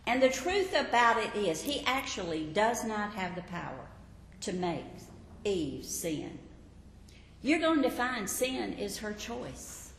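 Animated woman teaching a sermon. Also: medium pitch, takes it slowly, vocal fry. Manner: animated, emphatic, expressive. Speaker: Bible teacher. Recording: echoey hall, faint background noise.

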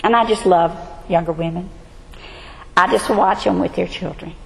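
A woman's voice: on the low side, normal speed, gravelly. A woman, earnestly teaching a women's Bible study. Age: 60s. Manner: earnest, emphatic, emotional at times. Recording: hall reverb, faint ambience.

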